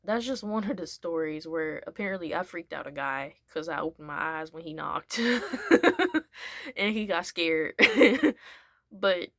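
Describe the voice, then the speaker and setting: Low-voiced woman telling a rambling story. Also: measured pace, no echo, clean studio sound. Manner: animated, acts out what people said; rambling, many "like" fillers. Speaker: vlogger. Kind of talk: casual storytelling.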